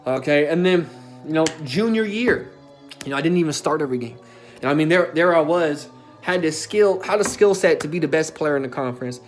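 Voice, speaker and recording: A man's voice: on the high side, expressive, fairly quick, soft background music. A young man telling a personal story in a casual, emphatic way, as a self-development coach. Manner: casual and emphatic, with frequent filler tags and swearing.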